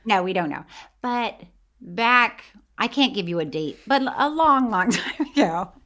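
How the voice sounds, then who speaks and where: A woman co-hosts a podcast in casual chat, her mid-range voice expressive, a bit bright and a little slow. She laughs often and reads listener letters aloud.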